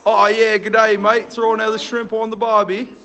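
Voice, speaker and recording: A man leaving a playful voicemail and putting on loud, over-the-top joke accents. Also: high voice, little pitch movement, normal speed, pitched above the performer's own voice. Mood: hammy.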